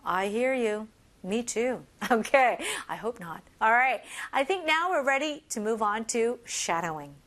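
A woman teaching English phrases to learners, switching between languages, modeling lines slowly and laughing between points. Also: a little high, lively intonation, fairly bright tone. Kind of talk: bilingual language lesson.

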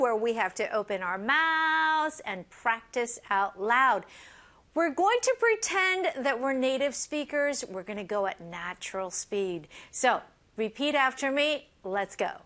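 Lively, high-voiced woman teaching English. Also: moderate pace. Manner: lively, switches between Korean and English, gives model dialogue lines. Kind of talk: bilingual language lesson.

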